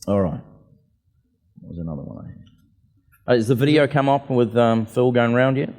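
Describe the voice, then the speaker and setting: With a medium-pitched, darkish voice and lively intonation, a man chats at a moderate pace on a book festival stage, where he's a guest as an author and aviator. He performs the voices of people he met in his stories. The hall is reverberant.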